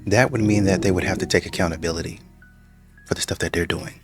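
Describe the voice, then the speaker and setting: A man with a very low voice gives dry, sardonic reaction commentary on comments from viewers. He sounds a little distant from the mic, with faint background music. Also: steady tone, quick pace.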